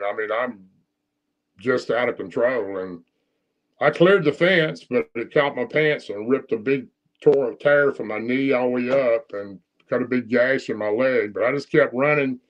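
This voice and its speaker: A man's voice: medium pitch, a little slow, lo-fi sound. A man with a Southern US accent telling a personal encounter story in a plain-spoken, rambling, folksy way. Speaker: guest storyteller.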